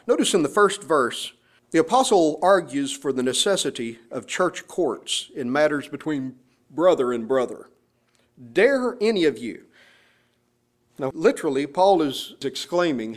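A man's voice: a little high, animated, a little slow. A man preaching a sermon, explaining and quoting scripture passages with emphasis. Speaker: pastor.

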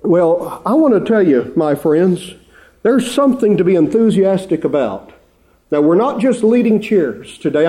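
Middle-aged male preacher, mellow and slightly high voice, earnest pulpit delivery with fervent swells. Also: big pitch swings, normal speed. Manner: earnest, rising to fervent appeals. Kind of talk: sermon.

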